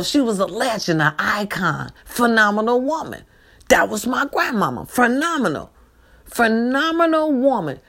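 A woman with a Black voice pleads straight to camera, emotional and insistent. She repeats her appeals over and over, dropping low and hushed, then rising high and loud. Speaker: granddaughter making a public appeal.

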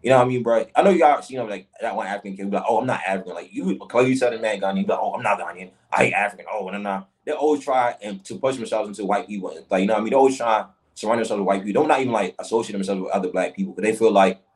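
A man's voice: lowish voice, very fast, hardly any pauses, a little mellow. A man arguing insistently in a heated group debate, repeating himself and cutting in. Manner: insistent, repeats "bro", interrupts. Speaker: debate participant.

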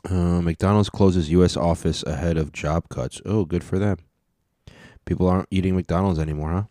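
A man's voice: low-pitched, fairly even intonation, normal speed, dark tone, no echo, clean studio sound. A man hosting a casual solo podcast, reading news headlines aloud and adding sarcastic commentary. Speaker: podcast host.

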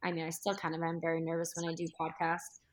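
A woman's voice: deep voice, completely flat delivery, quick pace. Chatty young woman, podcast guest. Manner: chatty, warm and laughing often. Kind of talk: casual interview chat.

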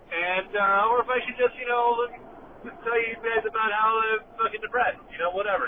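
A man calling in from his car, ranting loudly and swearing in a comic voice message. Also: high-pitched, steady tone, brisk. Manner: loud, brash, swearing. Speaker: caller leaving a voice message. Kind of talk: profane comic rant. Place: driving in a car. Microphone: phone. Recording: tinny phone line with car noise.

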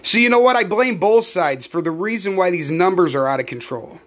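Speaking a little fast, this man from the United States, a podcast host who also performs live, unleashes an angry, profanity-filled solo rant. His voice sits high, animated and a bit bright.

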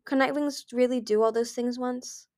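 Brief: sharp-tongued young female dragon, indignant, woman reader. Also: fairly high pitch, steady tone, moderate pace, no room sound, clean studio sound, pitched above the performer's own voice, natural voice. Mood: curious. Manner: snappy, demanding.

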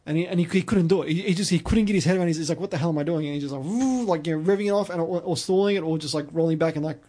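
Fast-talking Australian man telling stories. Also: a little high, dark tone. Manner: rambling storyteller with many restarts. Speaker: podcast host. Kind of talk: casual chat.

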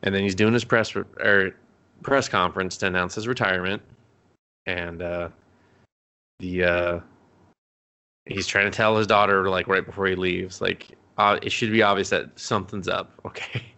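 A man co-hosting a podcast, recapping a show in casual chat, swearing a lot and rambling with animated asides. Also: low-pitched, normal speed. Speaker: podcast co-host.

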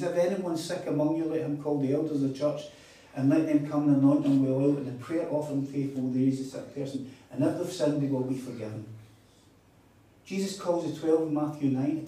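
Man preaching, mellow voice, emphatic storytelling, very echoey hall, mic far off. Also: on the high side. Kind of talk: sermon. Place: hall at a retreat.

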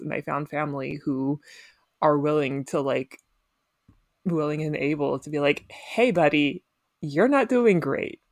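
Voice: medium pitch, dry recording, clean studio sound. A young person on a group podcast, talking candidly with frequent laughs and casual swearing. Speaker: podcast co-host.

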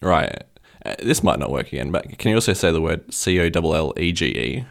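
A man's voice: deep voice, sing-song, brisk, gravelly. A man co-hosting a podcast in casual chat, asking probing, analytical questions. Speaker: podcast co-host.

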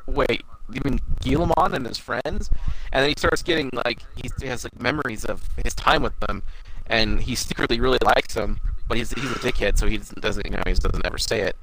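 A man's voice: medium pitch, brisk, rough recording. A young man in casual chat, recapping an episode with lots of swearing and acting out the characters' lines. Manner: animated, profane, acts out characters' lines.

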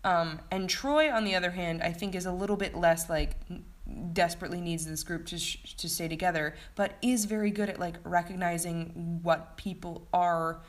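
A woman with a slightly low voice talks through a set of TV episodes in a loose, unscripted review. She rambles and fills nearly every pause with "like" and "um". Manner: rambling, heavy use of "like" and "um". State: sleepy. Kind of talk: casual spoken review.

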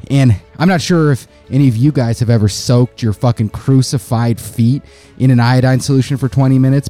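A man doing stand-up, telling a story in a profane, exasperated, self-mocking way and breaking into loud yells when he acts out the scene. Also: mid-range voice. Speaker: stand-up comedian.

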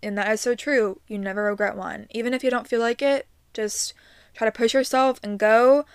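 A woman's voice: a little high, steady tone, normal speed, smooth, dry recording. A young adult woman hosting her own podcast, giving casual upbeat advice with many ums and likes. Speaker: podcast host.

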